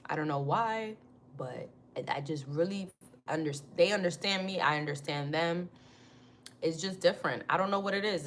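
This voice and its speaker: A young woman ranting casually to her viewers, brash and swearing freely, with sudden loud outbursts. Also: on the low side. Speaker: vlogger. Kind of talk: casual rant to camera.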